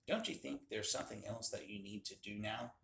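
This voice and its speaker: A man doing a gentle motherly woman. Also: lowish voice, brisk, creaky, a little hiss or hum. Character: kind older woman, gentle librarian type. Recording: echoey room.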